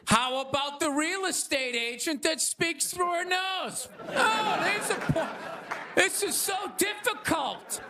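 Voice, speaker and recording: A man performing stand-up comedy on a club stage, ranting in an incredulous, animated way. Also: very high-pitched, slow, very noisy. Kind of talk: stand-up set. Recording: live club mic, crowd laughter.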